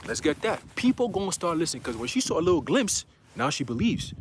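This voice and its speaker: Young man with a raised pitch, giving a slangy, animated church testimony; noisy, clicky recording. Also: fast talker. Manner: casual slang, excited, quotes others in dialogue.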